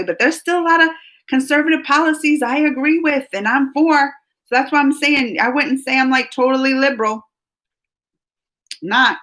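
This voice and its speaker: A woman hosting a casual live chat, rambling and getting worked up as she reads comments. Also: mid-range voice. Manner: rambling, gets worked up then trails off quietly. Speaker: livestream host reading chat.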